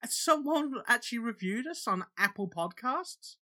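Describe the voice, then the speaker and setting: A man's voice: extremely high pitch, lively intonation, a little slow, pushed and bright. A man with a mixed New Zealand and British accent, co-hosting a podcast in playful, sweary banter. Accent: New Zealand and British mix. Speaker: podcast co-host. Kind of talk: casual chat.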